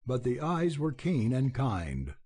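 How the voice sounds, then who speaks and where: Husky, slow male audiobook narrator. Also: mid-range voice. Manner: measured, expressive reading. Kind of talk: scripted narration.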